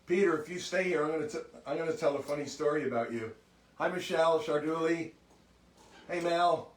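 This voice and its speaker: Man, livestream host, chatty, greets viewers, slightly high voice, roomy and distant sound. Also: moderate pace. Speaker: musician hosting a livestream.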